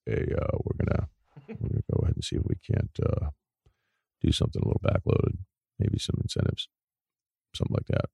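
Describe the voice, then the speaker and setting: A man putting on a terse older male football coach, muttering quietly and half-whispered. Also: a little fast, long pauses, no room sound, lightly acted. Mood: offhand.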